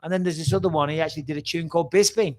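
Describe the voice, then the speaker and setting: A man in his forties answers viewer questions in a casual live stream. His voice sits a little high for a man, and he talks fast and bluntly, swearing freely and reading out comments as he goes. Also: fairly even intonation, darkish tone. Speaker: former fighter and commentator hosting a live Q&A.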